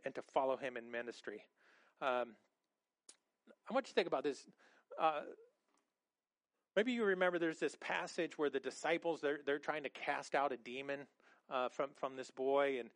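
Pastor with a fairly high voice, dry sound. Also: male voice, fairly bright tone, dry recording. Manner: conversational, with many stammered repeats. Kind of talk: sermon.

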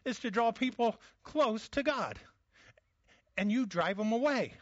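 A man's voice: very high voice, expressive, a little slow, no room sound, dull audio. A man preaching a conversational sermon as a pastor, often restarting his words.

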